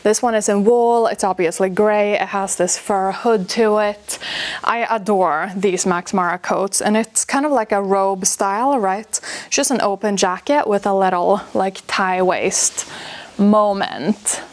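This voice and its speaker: A woman's voice: mid-range voice, unhurried. Gushing woman showing off her coats. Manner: gushing, piles up superlatives. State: a bit out of breath from carrying coats. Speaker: fashion vlogger. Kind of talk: casual chat to camera.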